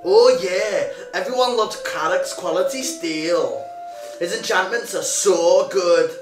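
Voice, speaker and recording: A man's voice: on the high side, a little fast, natural voice. A man putting on a bitter, ranting blacksmith. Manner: grumbling, ranting. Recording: roomy recording from a distance with music.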